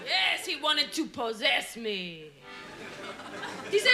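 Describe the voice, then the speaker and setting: A woman's voice: sits high, very animated, slow pace, creaky, loud music behind the voice, a loud crowd. A woman doing a stand-up comedy routine on stage, brashly insulting the audience. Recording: live show with audience laughter and noise.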